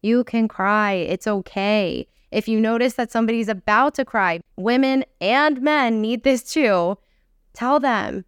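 A woman's voice: on the high side, clear, resonant tone, no room sound, clean studio sound. Earnest woman hosting a self-help podcast. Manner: earnest, encouraging, slows down for emphasis. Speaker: podcast host.

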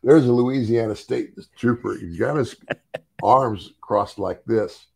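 A man's voice: medium pitch, takes it slowly, gravelly, darkish tone, breathy edge. An older man and former wrestler telling a story in casual chat, chuckling often and repeating words as he goes.

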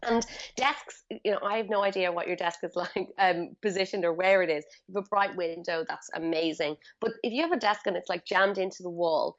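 A woman guest on a podcast interview, explaining feng shui in a chatty, animated storytelling way with many fillers. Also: on the low side, brisk, hardly any pauses, lo-fi sound.

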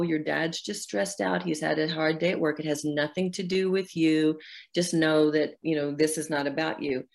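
A woman's voice: lowish voice, vocal fry. A middle-aged woman, a guest author in an interview, talking earnestly about her own healing and acting out her inner dialogue. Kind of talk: reflective interview talk.

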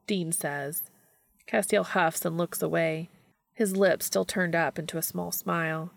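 Low, gravelly woman reading a story. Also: fairly even intonation, measured pace, no echo, studio quality. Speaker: narrator. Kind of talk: audiobook fiction reading.

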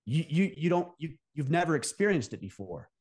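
A man's voice: fairly high pitch, big pitch swings, a little fast, a little mellow, breathy edge. A man speaking as a guest on a podcast, giving direct, emphatic advice in casual interview talk.

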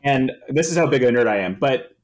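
A man's voice: mid-range voice, lively intonation, fairly quick, a little hiss or hum. A man appearing as a guest on a podcast, talking in an enthusiastic, nerdy, expansive way. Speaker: podcast guest, film music journalist. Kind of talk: casual podcast interview.

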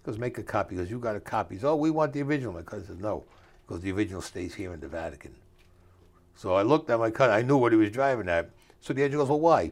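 Racing through his story with animation, this older man has a voice on the low side. As an interview guest he talks streetwise with rough grammar, acting out the voices of those he quotes.

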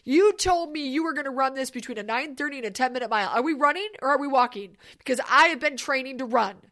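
A woman puts on a fired-up male running trainer who fires off challenges quickly and loudly, his voice sitting high. He pushes hard and won't let her slow down. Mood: challenging. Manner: fast, loud, challenging.

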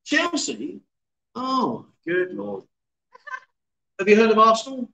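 A man's voice: high-pitched, lively intonation, slow pace, gravelly, sharp tone. Chatty man hosting a livestream. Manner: chatty, joking, reads viewer comments aloud. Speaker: livestream host. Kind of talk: casual livestream chat.

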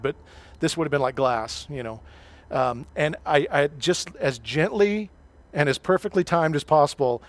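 A man's voice: a little high, no echo. A middle-aged male pastor preaching a sermon, telling a personal story with self-deprecating humor.

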